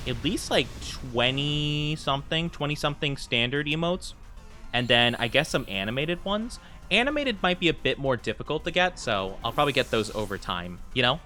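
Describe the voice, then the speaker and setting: A man's voice: mid-range voice, bright, forceful tone. A man livestreaming a game, chatting casually and ramblingly with his viewers. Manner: rambling and chatty, with lots of fillers. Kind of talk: casual chat with viewers while playing a game.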